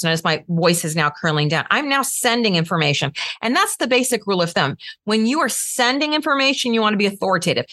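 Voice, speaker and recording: A woman's voice: medium pitch, animated, fast, few pauses, fairly bright tone, no room sound. A woman coaching trial lawyers, talking with energy and acting out different voice tones as she teaches. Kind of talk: instructional talk to trial lawyers.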